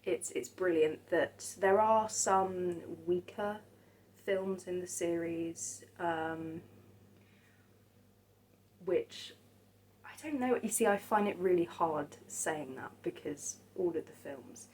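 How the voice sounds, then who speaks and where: A woman talking casually about old horror films, soft-spoken and hesitant, with many pauses and restarts. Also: lowish voice, slight background noise, poor audio. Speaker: film vlogger.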